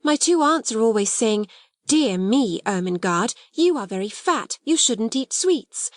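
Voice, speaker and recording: A woman's voice: a little high, animated, unhurried, no echo, studio quality. A woman voicing a plump young schoolgirl who speaks frankly and reflectively. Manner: reflective, plain-spoken.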